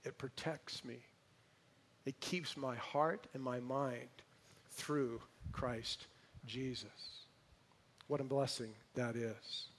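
A man preaching a sermon, telling a story in an animated way and praying. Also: medium pitch, takes it slowly, long pauses, slight background noise. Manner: storytelling, animated, imitates voices.

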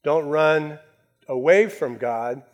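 A man preaching a sermon, slowing down to stress his key phrases. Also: a little high, expressive. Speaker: pastor.

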